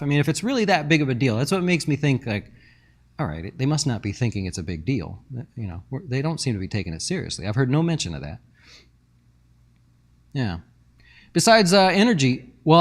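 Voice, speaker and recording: Male host, casual stock commentary, loose rambling delivery, mid-pitched voice. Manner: chatty, rambling, answers viewer questions. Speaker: stock market show host.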